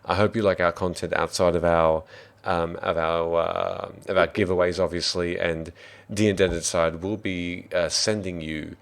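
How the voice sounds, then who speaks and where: Deep-voiced Australian game master. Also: male voice, flat delivery, moderate pace, vocal fry. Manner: upbeat, rambling, restarts often. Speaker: dungeon master and stream host. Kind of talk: casual stream chat.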